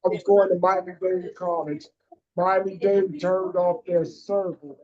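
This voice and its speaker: A man on a video call speaks hesitantly, repeating words as he asks and explains. His voice is quite high for a man and comes through dull and lo-fi. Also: little pitch movement, a little slow, darkish tone. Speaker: panelist.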